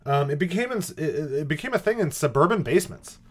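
A man's voice: a little high, animated, fairly quick. A man co-hosting a podcast in casual chat, rambling and hesitant with wry asides. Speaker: podcast co-host.

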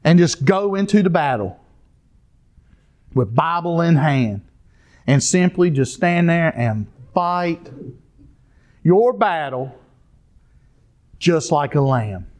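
Preacher with a lively, swooping voice. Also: male voice, on the high side, slow pace, long pauses. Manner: storytelling, addresses the congregation directly. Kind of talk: sermon.

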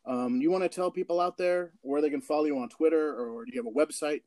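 A man with a slightly high voice hosts a relaxed interview, telling stories with animated energy and frequent laughs. His voice is recorded close and dry, with no room sound. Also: fast, dry recording. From Portland, Oregon. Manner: animated storyteller, laughs often. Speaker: host. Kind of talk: casual interview chat.

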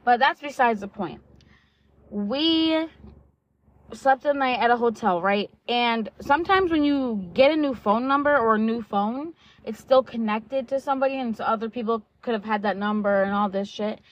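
With a voice on the high side and a moderate pace, a twentysomething vlogger recounts a personal story bluntly and candidly. Swearing often and filling her speech with "um" and "like," she acts out what people said. The sound is dull and lo-fi.

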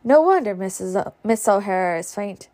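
A woman doing a mock-polite gentleman. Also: mid-range voice, lively intonation, moderate pace, close to an everyday voice. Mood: mock-courteous. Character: smooth mocking gentleman blockade runner.

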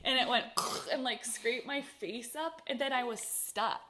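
A woman's voice: on the high side, unhurried, noisy background. A woman hosting a casual kitchen chat with her sister, telling stories animatedly and laughing often. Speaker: podcast host.

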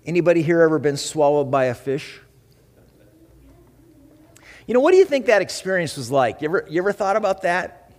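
A man preaching as pastor to his church, with an animated delivery, rising for emphasis and slowing for dramatic pauses. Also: fairly high pitch, long reverb tail. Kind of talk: sermon. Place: church sanctuary.

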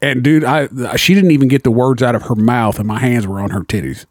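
A man tells a crude story in a relaxed chat, swearing often and laughing at his own punchlines. His voice sits at an ordinary pitch. The sound is dry and close. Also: brisk, dry recording.

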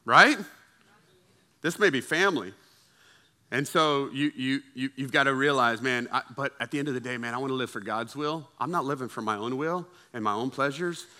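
A man's voice: medium pitch, normal speed, pushed and bright. A male pastor preaching a sermon in a conversational way, acting out the voices of friends and coworkers to make his point. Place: church service with congregation.

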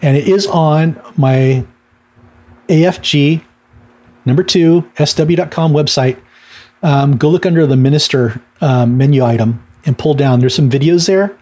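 A middle-aged man speaks as a minister in a relaxed, rambling teaching talk, full of ums and small laughs. His voice sits a touch high for a man, with a husky, slightly rough edge. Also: measured pace. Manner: conversational storytelling with laughs and fillers.

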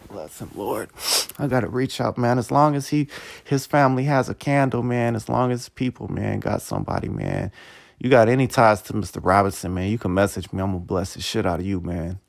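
A man's voice: lowish voice, steady tone, fairly quick, creaky, no room sound, studio quality. A man hosting a casual podcast monologue, profane and rambling. He tacks "man" onto nearly every phrase and turns heartfelt and choked up at times. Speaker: podcast host.

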